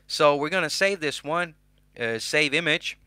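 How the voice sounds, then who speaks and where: A man hosting a casual software tutorial, chatty and self-mocking. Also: on the high side, measured pace, no room sound. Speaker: host.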